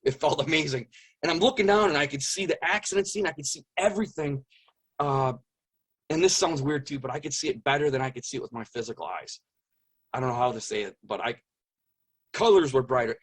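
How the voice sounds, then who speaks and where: A man telling his own story as an interview guest, earnest and halting, often searching for words. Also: fairly high pitch, slightly rough. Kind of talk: personal testimony in conversation.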